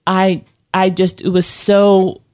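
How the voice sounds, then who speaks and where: A woman's voice: medium pitch, level tone, slow pace, darkish tone. A woman telling a personal story in casual conversation, rambling with fillers and restarts. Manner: rambling, many restarts and fillers, laughs often.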